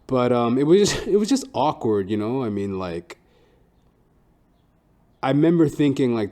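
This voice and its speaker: A man spinning a comic story as a podcast host, rambling along with crude, profane asides. His voice sits at an ordinary middle pitch. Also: very animated, moderate pace, long pauses, warm tone.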